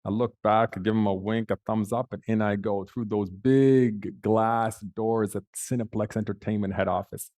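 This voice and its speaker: A man's voice: on the low side, steady tone, normal speed, hardly any pauses, a little mellow. A man on a panel telling a personal story in a vivid, dramatic way with big swings in emphasis. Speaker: panel speaker.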